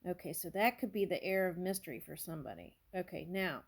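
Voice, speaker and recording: A woman's voice: fairly low pitch, expressive, quick pace, breathy edge. A woman doing a casual tarot reading, thinking aloud and musing over each card with small exclamations. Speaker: tarot reader.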